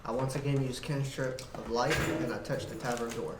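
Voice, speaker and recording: A man's voice: medium pitch, fairly quick. Man player, easygoing, recorded from far off in an echoey, noisy room. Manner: relaxed, asks questions. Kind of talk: casual tabletop play. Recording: echoey, distant mic, loud noise.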